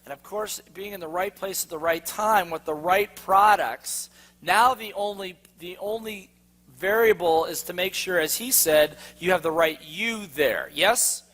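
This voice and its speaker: A man's voice: sits high, a little slow, a bit bright. A man giving a sales seminar to a live audience, quizzing them with fill-in-the-blank questions. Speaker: sales trainer. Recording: long hall reverb.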